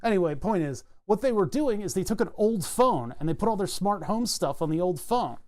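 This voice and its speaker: A man streaming live, thinking aloud in a halting, self-interrupting way as he works through a technical problem. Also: high-pitched, lively intonation, darkish tone. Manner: muttering, halting, self-interrupting while debugging.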